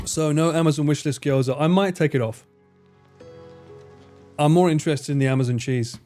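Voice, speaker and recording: A British man with a slightly high, warm voice is streaming live, trading banter with his chat. He cracks quick jokes and swears freely, with faint guitar music in the background.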